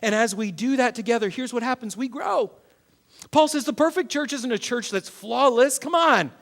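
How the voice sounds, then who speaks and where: High-voiced pastor preaching with energy. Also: male voice, moderate pace. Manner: animated, swings from loud to quiet. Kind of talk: sermon.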